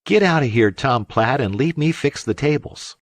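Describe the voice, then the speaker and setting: A cheeky teenage boy from a fishing schooner teases the crew in a quick, raised voice, as a man reads him. The sound is dry and close. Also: medium pitch, animated, dry recording, pitched above the performer's own voice, natural voice.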